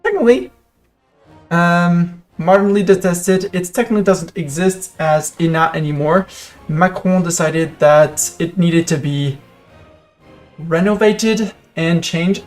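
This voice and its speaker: A game streamer with a French accent, a native French speaker from France, giving chatty, rambling live commentary while playing. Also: mid-range voice.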